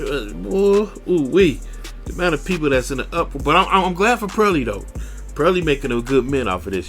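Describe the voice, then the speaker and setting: A man's voice: medium pitch, fairly bright tone. A man hosting a radio show, ranting in a blunt, profane and preachy way. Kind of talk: profane solo radio rant.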